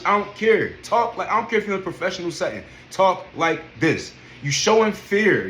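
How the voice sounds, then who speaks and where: A man in his thirties telling a story in an emphatic, profane, animated casual rant. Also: fairly high pitch. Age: 30s. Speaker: vlogger. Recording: echoey room with faint noise.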